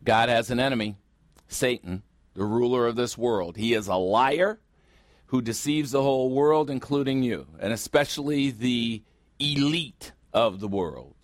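A man's voice: medium pitch, unhurried, no room sound, clean studio sound. A man preaching a sermon as pastor, blunt and sarcastic, with mocking asides to his congregation.

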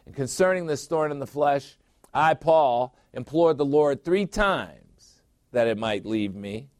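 A man's voice: medium pitch, lively intonation, measured pace, darkish tone, no echo, studio quality. A middle-aged man preaching a sermon as pastor, emphatic, repeating phrases and putting questions to his listeners.

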